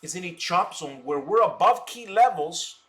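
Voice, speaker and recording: A man hosting a stock trading live stream, mocking his viewers scornfully and boasting, with loud bursts of laughter between rambling stretches. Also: high voice, expressive, moderate pace. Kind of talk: ranting live stream talk.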